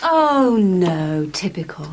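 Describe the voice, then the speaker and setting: A woman's voice: lowish voice, big pitch swings, slow, heavy background noise. A middle-aged woman playing a polite, slightly flustered neighbour in a 1990s TV soap.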